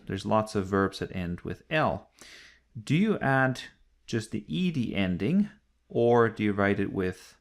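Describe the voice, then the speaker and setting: A man's voice: lowish voice, vocal fry. A man teaching an English grammar lesson, explaining patiently step by step and repeating key points.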